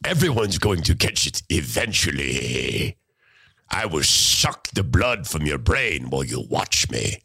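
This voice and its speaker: A man's voice: gravelly, sharp tone, husky, no echo, clean studio sound, exaggerated voice. A man voicing a sinister, ghoulish male cable news anchor in a mocking, menacing tone. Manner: menacing, mocking, low and drawn out.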